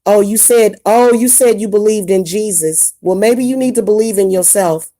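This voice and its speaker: A woman's voice: mid-range voice, moderate pace, warm tone. A woman vlogger ranting casually to her viewers, blunt and indignant, often repeating herself. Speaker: spiritual advice vlogger. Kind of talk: casual ranting monologue to camera.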